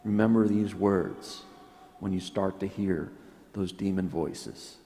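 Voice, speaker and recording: Slow-spoken priest in reverberant church. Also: male voice, low-pitched, steady tone. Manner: earnest and reflective, drops to soft quiet tones. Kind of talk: sermon.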